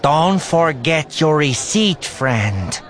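A man's voice: a little high, sing-song, drawn-out words, voice pushed up, heavily acted. A man doing a growling alien food vendor woman. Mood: gruff.

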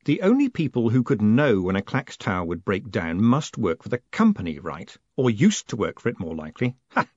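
A man narrating an audiobook in an expressive, wry, dramatic reading, recorded dry and slightly muffled. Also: fairly low pitch, a little fast, few pauses, no room sound.

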